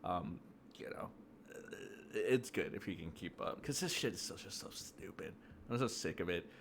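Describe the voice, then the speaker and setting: A man's voice: animated, moderate pace, fairly bright tone. Guy ranting on his channel, swears a lot, lots of likes and ums, faint hiss behind. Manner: profane, exasperated, heavy on fillers, mocking high-pitched quotes. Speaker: commentary streamer. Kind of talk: ranting commentary.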